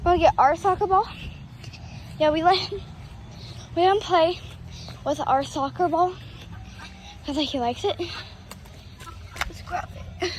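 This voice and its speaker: A young girl plays outside in a yard with her dog, coaxing and chatting to him in a playful sing-song way, like a casual vlog. Her voice sits high with a darkish tone, and there's slight background noise.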